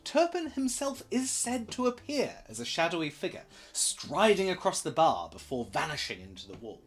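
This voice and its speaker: A man's voice: a little high, big pitch swings, normal speed, husky. A man giving a casual, rambling slideshow presentation for a charity stream, full of jokey asides and self-corrections.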